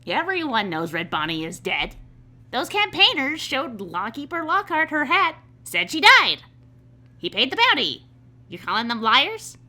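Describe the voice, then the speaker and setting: A woman's voice: high-pitched, big pitch swings, a little slow, sharp tone, voice pushed up, full character voice. A woman voicing an indignant lizardfolk woman who talks about herself in the third person.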